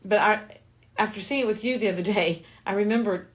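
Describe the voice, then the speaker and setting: A woman's voice: mid-range voice, fairly quick. A woman co-hosting a casual film podcast, chatty and laughing, often repeating words as she finds her point. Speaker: podcast co-host. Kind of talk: casual movie review chat.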